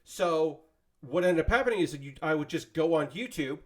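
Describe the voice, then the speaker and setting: Male streamer, casual swearing chatter, voice sits a bit high, thanks chat as he builds. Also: animated, brisk. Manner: rambling and conversational, swears casually; thanks viewers and subscribers by name. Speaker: streamer building LEGO sets live.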